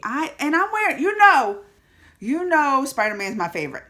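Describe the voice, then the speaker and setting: A woman giving a casual, emotional vlog movie review to the camera, chatty and quick to tear up or laugh. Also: high voice, sing-song, fairly bright tone.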